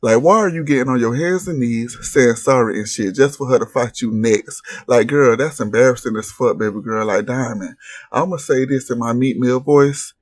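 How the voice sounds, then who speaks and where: A man's voice: mid-range voice, moderate pace, no echo, studio quality. A man hosting a casual reality TV recap vlog, blunt and profane as he reads viewers' posts and mocks the cast. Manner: brash, blunt, profane trash-talk with laughs.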